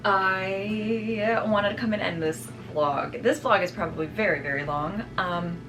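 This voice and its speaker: A woman's voice: mid-range voice, measured pace. A young woman vlogging in a casual, reflective way, with many fillers like "like" and "um". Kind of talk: casual vlog chat. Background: background music.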